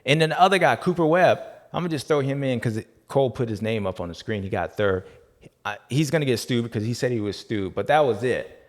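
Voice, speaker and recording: A playful man hosts a casual racing recap, his talk loose and full of slang. He jumps between loud bursts and low muttered asides. His voice sits at a middle pitch and rings with a long echo. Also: animated, fast talker. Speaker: podcast host. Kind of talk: casual race recap chat.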